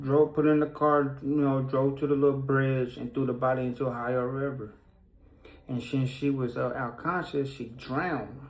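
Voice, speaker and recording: A man's voice: medium pitch, a little mellow. A man shares a painful story from his life in loose, casual speech. He rambles and restarts, with a somber, hurting undertone. His mid-range voice bounces around an echoey room. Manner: rambling, heavy with fillers and restarts; somber, pained retelling of a loss. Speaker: person sharing a personal story.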